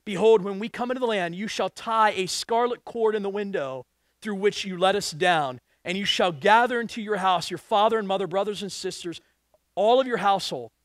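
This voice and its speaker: Guy preaching a sermon, kinda high voice, dry close sound, lots of rhetorical questions. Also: a little fast, a bit bright, no echo. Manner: emphatic, asks the congregation rhetorical questions. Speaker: pastor.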